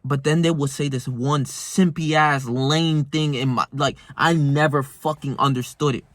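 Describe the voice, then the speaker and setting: A man's voice: fairly high pitch, fairly even intonation, measured pace, a bit bright, dry recording. A young man telling stories in a casual, heated monologue, full of slang and cursing. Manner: profane, slangy, heated storytelling. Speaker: self-improvement vlogger.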